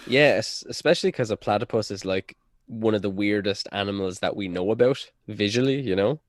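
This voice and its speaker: Co-host: man, lowish voice, dry close sound, easygoing rambling chat. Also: brisk, no echo. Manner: agreeable, rambling, joking. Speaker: podcast co-host. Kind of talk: casual podcast chat.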